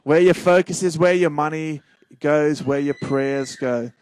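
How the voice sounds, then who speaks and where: A young adult man delivers a sermon to his congregation, repeating his key lines for emphasis and slipping in light jokes. His voice sits somewhat high for a man, and the sound is dry, with little room echo. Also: a little slow. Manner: animated preaching with repeated phrases and jokes to the congregation. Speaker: senior pastor.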